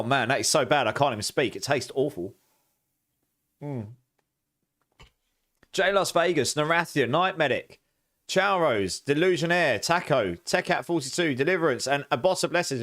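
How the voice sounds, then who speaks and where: A man's voice: medium pitch, a bit bright. A young man chatting casually on a game live stream, thanking viewers and exclaiming often.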